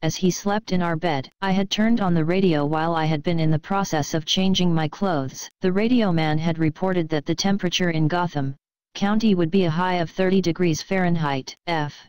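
Woman reading fan fiction, smooth and dry. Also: on the low side, steady tone, normal speed, a little mellow, no echo, poor audio. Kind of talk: reading fan fiction aloud on a live stream.

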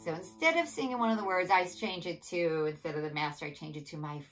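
A woman leading a children's music lesson, singing nursery rhymes and gently coaxing young children to join in. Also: fairly low pitch, quick pace. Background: guitar accompaniment.

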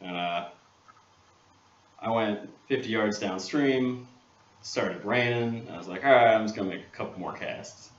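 A man, a guest angler, telling a fishing story in casual, animated talk in a workshop. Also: on the low side, moderate pace, long pauses. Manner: animated storyteller, acts out others' lines. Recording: roomy, dull, distant mic, faint hiss.

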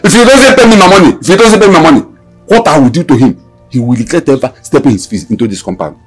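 A man's voice: on the high side, animated, fast talker, slightly rough, faint music behind. A man with a Nigerian accent playing a stern, angry landlord and father who repeats his threats. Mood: threatening.

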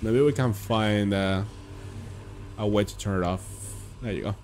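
A man's voice: fairly low pitch, unhurried, darkish tone. A young man streaming a video game live, chatting casually with viewers and reacting aloud to the game. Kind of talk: casual live gameplay chat.

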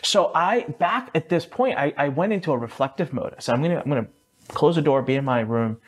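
A man in his thirties, an entrepreneur guest in a podcast interview, telling his story with animated energy and a casual, sometimes swearing manner. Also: fairly quick. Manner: lively, swings up high for quoted voices, mild swearing.

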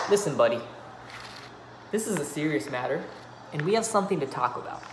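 A man's voice: a little high, lively intonation, brisk, long pauses, echoey room, noisy background. A man sending a joking, melodramatic video message to a friend, pleading for him to come home. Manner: melodramatic, joking, trails into laughter. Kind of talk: mock-dramatic video message.

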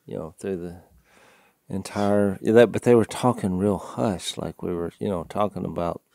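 A man's voice: sits low, steady tone, moderate pace, vocal fry, warm tone, no room sound, studio quality. A man in his fifties with a Southern US twang, co-hosting a podcast and telling a rambling story that he often laughs through. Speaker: podcast co-host. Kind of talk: casual storytelling chat.

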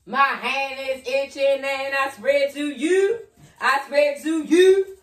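A woman with a high voice speaks slowly, giving a casual tarot reading that is blunt and full of profanity, and she often drifts into sing-song chanting. The recording has a roomy echo, with her sitting back from the microphone.

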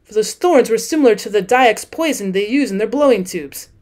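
A woman voicing an uneasy, fearful male treasure hunter in a storybook reading, in a hushed tone. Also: high voice, lively intonation, fairly quick. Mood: dread.

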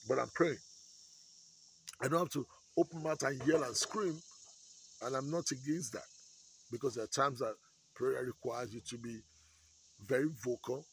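A man's voice: mid-range voice, gravelly, slight background noise, rough recording. A man preaching a sermon as pastor, in a conversational way, often checking in with his listeners. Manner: conversational preaching with frequent "okay?" check-ins.

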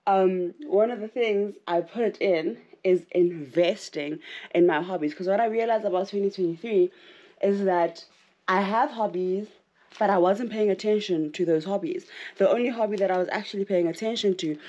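A South African woman vlogging to camera in casual chat, excitable and rambling, often breaking into laughter. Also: medium pitch, normal speed, dull audio.

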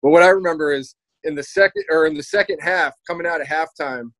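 A former basketball player telling an animated story and acting out what was said. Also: male voice, a little high, fast, dry recording, poor audio. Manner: animated, acts out quotes. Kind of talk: casual storytelling.

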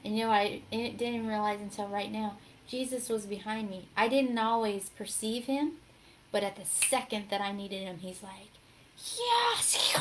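A woman hosting a casual devotional talk, telling her story in an animated way and acting out the voices in it. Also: medium pitch, normal speed, slight background noise, low-quality recording. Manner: animated storytelling, acts out quotes. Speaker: devotional host.

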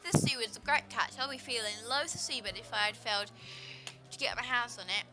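A woman's voice: high-pitched, big pitch swings, fast talker, faint music behind. A woman voicing a boastful old man who leads a gym, reading the game's dialogue in an odd put-on accent and a hearty drawl that calls the listener kid. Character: folksy old man gym leader, boastful seafood lover. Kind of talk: gameplay voice-over of game dialogue.

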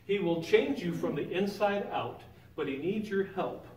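A man's voice: sits high, lively intonation, normal speed, a little mellow. Man teaching a Bible class, echoey and distant. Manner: conversational, quizzes the class with questions. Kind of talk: informal Bible lesson. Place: church sanctuary. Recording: roomy echo, picked up from a distance.

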